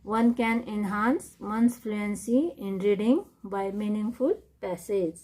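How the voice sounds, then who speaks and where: A woman teaching a lesson on reading techniques, defining each term slowly and repeating it. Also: medium pitch, darkish tone, slight background noise. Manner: slow, repetitive, defining terms one by one. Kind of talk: classroom lecture on reading techniques.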